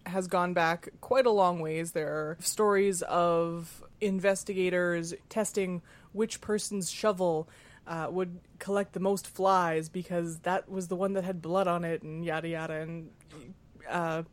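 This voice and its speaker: A woman's voice: on the low side, steady tone, measured pace. A woman hosting a casual panel chat, chatty and self-mocking, with frequent filler words. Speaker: podcast host.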